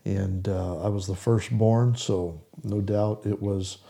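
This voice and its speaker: A man's voice: lowish voice, steady tone, a little slow, vocal fry, warm tone. A man hosting a podcast, speaking with earnest, emotional gratitude. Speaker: podcast host. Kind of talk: casual podcast talk.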